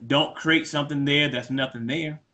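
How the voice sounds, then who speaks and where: Relaxed male co-host, bright open tone, thoughtful chat. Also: fairly high pitch, moderate pace. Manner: laid-back, reflective, acts out quoted lines. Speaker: podcast co-host. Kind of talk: casual conversation.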